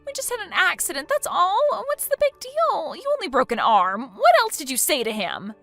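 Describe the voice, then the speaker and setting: Tts lady doing a bratty entitled young woman, high and bright, swoops around a lot. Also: huge pitch swings, normal speed, faint music behind, exaggerated voice. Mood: indignant. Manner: indignant, self-pitying.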